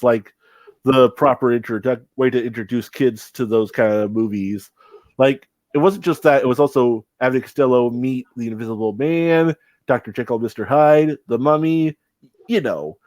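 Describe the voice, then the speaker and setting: A man's voice: medium pitch, moderate pace, a little mellow, no echo. Young man, casual podcast chat, rambling delivery, dry close sound. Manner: rambling, many restarts and fillers. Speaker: podcast co-host.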